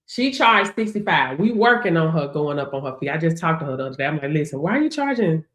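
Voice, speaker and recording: A woman's voice: low voice, fast talker, fairly bright tone, reverberant. A woman coaching her audience in a sassy, emphatic, casual way, laughing often and calling listeners baby. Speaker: business coach. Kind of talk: casual motivational talk to camera.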